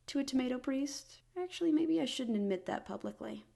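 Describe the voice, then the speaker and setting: A woman's voice: sits high, expressive, fairly quick, creaky, warm tone. A young woman giving a comedic book review, talking in a wry, exasperated and dramatic way.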